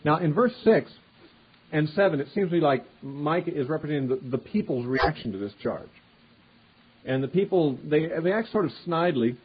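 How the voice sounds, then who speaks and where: Reading Bible verses aloud with building emphasis, this man works through a passage verse by verse and then explains each one casually, as if chatting. He speaks at medium pitch, animated and fairly quick, on a dull lo-fi recording with a bit of hiss or hum.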